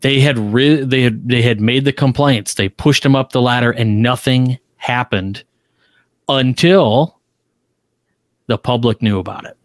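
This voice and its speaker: A man's voice: medium pitch, a little slow, no echo, studio quality. A man co-hosting a casual podcast panel discussion, talking emphatically with lots of restarts. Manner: emphatic, animated, frequent restarts. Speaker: podcast co-host. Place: Chicago.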